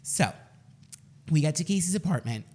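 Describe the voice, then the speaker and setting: A man's voice: fairly high pitch, lively intonation, normal speed, mellow, husky. A man in his twenties, a podcast co-host telling a story in casual chat, self-mocking and laughing as he goes.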